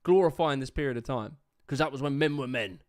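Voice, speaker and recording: A man's voice: mid-range voice, brisk. A young man hosting a livestream, ranting casually and sarcastically about clips, swearing freely. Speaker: livestream host reacting to clips.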